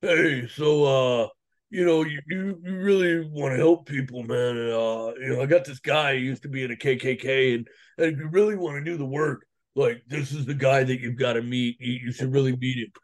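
A man doing an impression of a deep-voiced, friendly male mentor who talks in an easygoing, coaxing way with lots of fillers. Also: normal speed, natural voice. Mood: encouraging.

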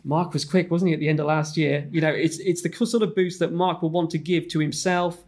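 A man on a racing podcast talks fast in a slightly raised voice. He rambles and loops back, stacking up you-knows and restarts as he works through his thoughts. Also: a little high, level tone. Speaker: podcast co-host and racing pundit. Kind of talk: casual podcast chat.

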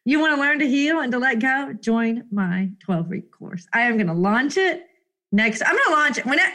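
A woman's voice: a little high, expressive, moderate pace, pushed and bright. A woman hosting a solo motivational podcast, talking in an effusive, emotional way with frequent laughter and repeated exclamations. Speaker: podcast host.

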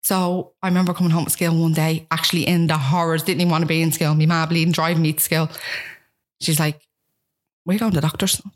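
Deep-voiced and flat in delivery, this young Irish woman from Dublin tells her own story as a guest. She talks rapidly and frankly, mocking herself and acting out what people said to her.

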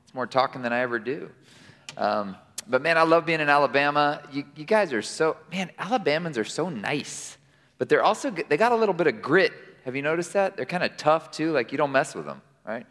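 A man's voice: fairly high pitch, expressive, brisk, fairly bright tone. A man giving a casual, rambling conference sermon, with frequent restarts, to a live audience. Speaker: conference speaker. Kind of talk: sermon with a joke. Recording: long hall reverb.

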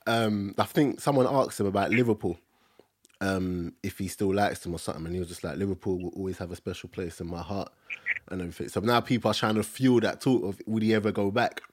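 A young man with a fairly low voice hosts a laid-back football chat over a remote call. He talks loosely, leaning on slang and plenty of fillers. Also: fast talker. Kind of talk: casual chat about football.

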